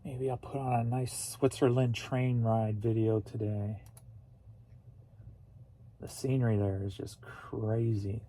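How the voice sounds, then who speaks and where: A man's voice: medium pitch, little pitch movement, slow pace, long pauses, dark tone. A man from St. Louis, an online reseller casually narrating as he packs orders, muttering to himself while he works. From St. Louis, Missouri.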